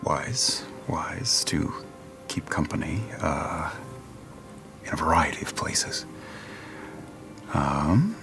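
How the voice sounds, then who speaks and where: A man playing a character in a tabletop game, calm and kindly. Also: a bass voice, very slow, vocal fry, pauses often, over music. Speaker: player.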